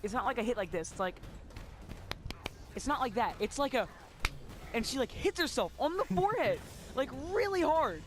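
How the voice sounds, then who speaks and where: A man's voice: very high-pitched, sing-song, moderate pace, pauses often, very noisy. A teenage boy telling a rambling school story in casual chat, giggly and casually swearing. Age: teens.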